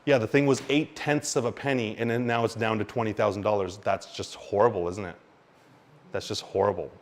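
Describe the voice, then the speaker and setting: Animated man explaining crypto cycles. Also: fairly low pitch, a little fast. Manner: animated, swings loud and soft, mimics panicked investors, swears. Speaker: crypto educator. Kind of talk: explanatory talk to camera.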